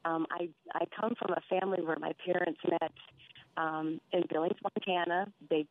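An earnest woman calls in to a radio show, her lowish voice coming through a thin phone line. She speaks haltingly and often pauses to find words. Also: steady tone. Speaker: caller. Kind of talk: phone-in testimony.

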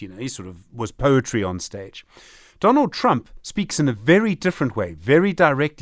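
Measured male radio host, dry studio sound. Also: medium pitch, no room sound. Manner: measured, asks long framing questions. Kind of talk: radio talk show hosting.

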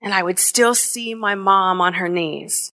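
A middle-aged woman from Northwest Ohio telling a personal story on stage, slow and deliberate with emotional pauses. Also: mid-range voice, sharp tone. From Northwest Ohio, USA. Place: theater stage before an audience.

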